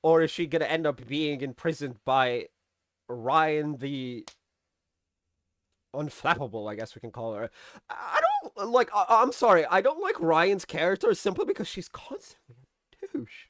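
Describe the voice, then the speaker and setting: Man, casual TV episode review, higher-pitched voice, dry close sound, filler-heavy, rambling. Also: wildly swooping pitch, normal speed, a bit bright, no echo. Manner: rambling, lots of fillers and restarts; acts out characters' lines in quotes.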